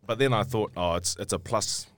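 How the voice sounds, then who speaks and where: At a normal pace and in a low but fairly bright voice, a young Kiwi rugby player recounts a story for an interviewer. He meanders, often repeating and restarting words.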